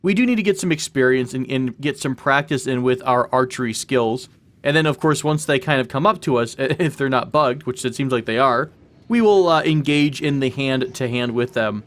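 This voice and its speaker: A man's voice: medium pitch, normal speed, fairly bright tone. A man hosting a let's play, chatting casually and playfully to viewers while he plays. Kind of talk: casual gameplay commentary.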